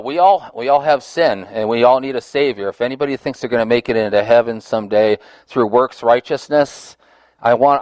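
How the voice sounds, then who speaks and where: A man's voice: fairly low pitch, darkish tone, dry recording. A man leading a Bible study discussion, earnest and conversational, often restarting his phrases.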